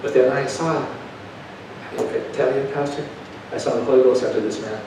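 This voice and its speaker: Guy preaching a testimony, hushed then loud, far off mic, lots of echo and a low rumble behind. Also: normal speed. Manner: animated storytelling that swings from hushed to loud. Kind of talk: sermon testimony. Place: church. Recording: echoey church from a distant mic with background rumble.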